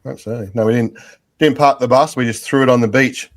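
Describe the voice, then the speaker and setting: A man's voice: medium pitch, steady tone. A man from England hosting a football podcast, joking and bantering as he throws questions to his guests. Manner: jokey, bantering, moves quickly between questions. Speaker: podcast host. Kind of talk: casual football chat.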